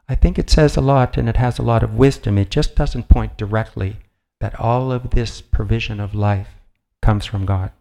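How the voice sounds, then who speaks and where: An older man giving a sermon, reading slowly and measuredly, with pauses and fillers as he tells a family story. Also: on the low side, vocal fry, dark tone, highs cut off. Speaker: preacher.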